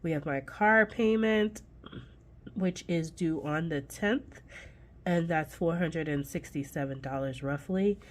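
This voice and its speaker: A woman's voice: low voice, a little slow. A congested woman with a nasal voice, chatting casually to viewers as she sets up her budget binder. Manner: chatty, folksy, talks straight to viewers. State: congested, under the weather. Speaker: budgeting channel host.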